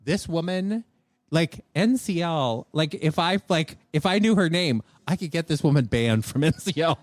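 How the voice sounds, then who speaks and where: A man's voice: a little high, lively intonation, moderate pace, no echo. A man co-hosting a live comedic podcast, ranting and acting out people in exaggerated voices. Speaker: podcast co-host.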